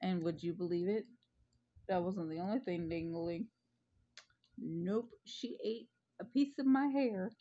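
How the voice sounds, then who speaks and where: Giggly chatty woman, mellow lo-fi sound. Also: fairly low pitch, measured pace. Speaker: vlogger. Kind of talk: casual chat. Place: at home.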